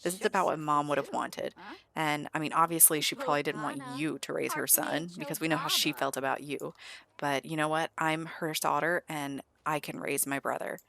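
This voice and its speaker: A woman's voice: low-pitched, fairly even intonation, a little fast, creaky, fairly bright tone. A woman voicing a grieving young woman who speaks earnestly and firmly in a life-sim game. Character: young woman, grieving, firm protective daughter. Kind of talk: game character voice-over.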